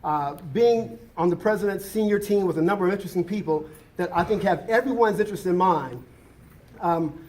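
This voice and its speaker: Emphatic man with a high voice. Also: fairly quick, a little mellow. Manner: emphatic, repeats key points, restarts often. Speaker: college diversity administrator. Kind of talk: impassioned remarks at a campus forum.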